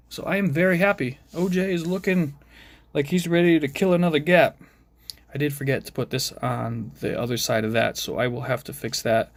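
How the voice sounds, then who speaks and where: A man's voice: mid-range voice, no room sound. A man talking casually about his small racing drone build, rambling and mumbling with self-deprecating asides. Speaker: FPV drone hobbyist showing his build. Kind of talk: casual rambling tech vlog.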